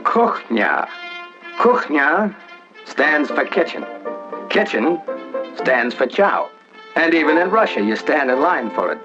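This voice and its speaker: Man, 1940s documentary narration, wry folksy wisecracks, fairly high lively voice, dull lo-fi film sound with music. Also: unhurried.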